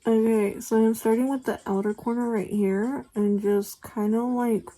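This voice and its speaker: In a fairly high, mellow voice at normal speed, a young beauty vlogger walks through a makeup tutorial with fairly even intonation. She rambles casually and uses plenty of fillers. The home recording, made on a phone camera, is low quality.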